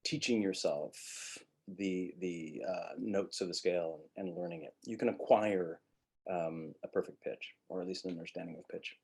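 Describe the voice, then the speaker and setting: A man's voice: low voice, steady tone, normal speed, darkish tone, husky. A middle-aged man from Montreal teaching acting in a webinar, talking in a very melodic way and demonstrating with vocal sounds. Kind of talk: webinar lecture.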